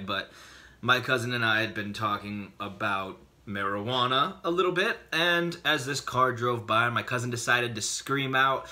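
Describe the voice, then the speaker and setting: A man vlogging, telling a funny personal story in an animated, joking way with quick bursts of speech. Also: mid-range voice.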